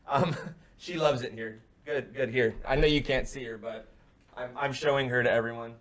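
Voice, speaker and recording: A young man, co-host of a casual talk show, telling a story with energy and acting out the other man's shouted lines, heard over a remote call. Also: medium pitch, fairly even intonation, normal speed. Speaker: podcast co-host. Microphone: headphones on, remote call.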